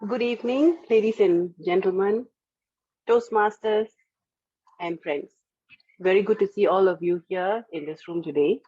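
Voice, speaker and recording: A woman's voice: mid-range voice, measured pace, long pauses, warm tone, no room sound. A woman presenting the word of the day at an online club meeting, carefully explaining how a word is pronounced. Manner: clear, careful explaining of pronunciation. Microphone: video call. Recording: dry, phone-like online call audio.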